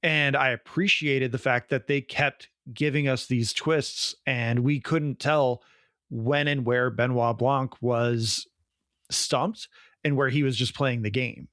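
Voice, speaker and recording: A man's voice: mid-range voice, steady tone, slow pace, a bit bright, no echo, clean studio sound. Chatty man rambling about films. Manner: rambling, enthusiastic, many "like"s. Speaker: podcast co-host. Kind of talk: casual film review chat.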